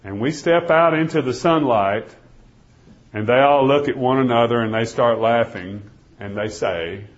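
A man in the middle pitch range preaches unhurriedly, recounting a dramatic story in the first person. He alternates loud pleading with near-whispered lines, and the audio sounds dull and lo-fi.

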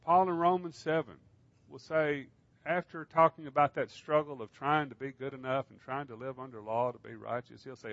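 A man's voice: medium pitch, moderate pace, fairly bright tone, no echo, highs cut off. A man preaching a sermon, earnestly asking his listeners questions. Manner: earnest, asks the congregation questions. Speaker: pastor.

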